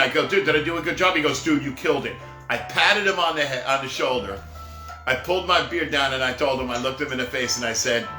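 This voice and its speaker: Middle-aged guy rambling thru stories, bright punchy voice, echoey room w faint music. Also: a little high. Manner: rambling, jokey, laughs at own jokes. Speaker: live-stream storyteller. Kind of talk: casual storytelling.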